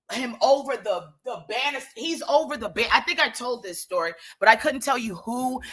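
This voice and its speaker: Woman storyteller, somewhat high, forceful bright tone, swears freely and rambles. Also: breathy edge. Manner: animated, profane, rambling with asides. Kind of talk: casual storytelling.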